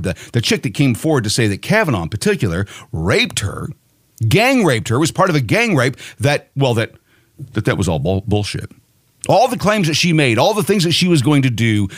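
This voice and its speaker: A man's voice: medium pitch, no echo, clean studio sound. Profane, mocking male podcast host. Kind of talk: opinion podcast rant.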